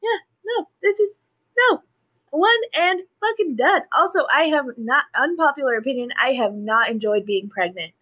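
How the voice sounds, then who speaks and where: Pregnant young woman, high voice, blunt and sweary, casual podcast co-host. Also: moderate pace. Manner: blunt, expressive, swears freely. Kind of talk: casual chat.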